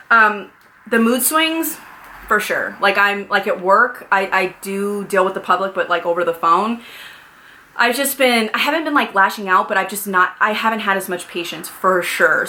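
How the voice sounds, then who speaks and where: A woman's voice: mid-range voice, pushed and bright, rough recording. A woman in her thirties giving a casual pregnancy update vlog, chatty and candid, full of fillers and a little anxious. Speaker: vlogger.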